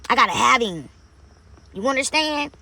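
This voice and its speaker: A woman's voice: on the high side, animated, moderate pace, creaky, pushed and bright. A woman talking about her faith from inside her parked car, emphatic and repetitive, calling listeners honey and baby. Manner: preachy, emphatic, repeats phrases for effect; calls viewers honey and baby. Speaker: vlogger sharing her faith. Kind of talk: casual faith talk to camera.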